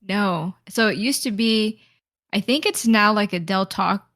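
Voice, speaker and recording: A woman's voice: medium pitch, unhurried, a bit bright, dry recording, studio quality. A woman co-hosting a podcast in casual chat, laughing often and swearing casually. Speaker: podcast co-host.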